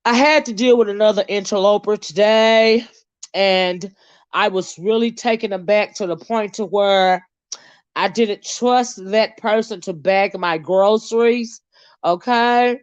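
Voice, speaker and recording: A woman hosting a live stream, ranting at her viewers in a heated, profane way, flaring into loud outbursts and dropping to low muttered asides. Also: unhurried, clean tone, no echo, muffled recording.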